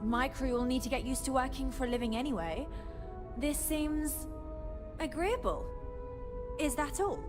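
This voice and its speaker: A woman voicing a self-assured female starship captain in a video game, speaking in a calm, measured, matter-of-fact way. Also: sits high. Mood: agreeable. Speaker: game character. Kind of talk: voiced video game dialogue. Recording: game audio with reverb and loud music.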